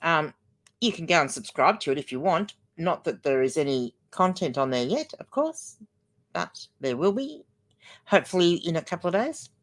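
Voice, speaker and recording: Older lady hosting a livestream, bit low-pitched, rambly chatty, reading out comments. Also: very animated, moderate pace. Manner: chatty and rambling, reads viewer comments aloud. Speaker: livestream host. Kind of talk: casual livestream chat.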